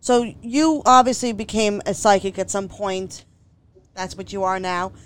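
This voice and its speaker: A woman's voice: mid-range voice, unhurried, smooth. A woman hosting a casual interview, asking questions loosely with filler words. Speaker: interview host.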